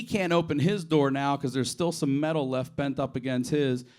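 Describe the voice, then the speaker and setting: Profane stand-up comic telling stories. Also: male voice, fairly high pitch, normal speed. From Baltimore, USA. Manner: profane, animated storytelling with acted-out quotes. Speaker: stand-up comedian. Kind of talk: improvised stand-up on audience requests. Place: comedy club stage.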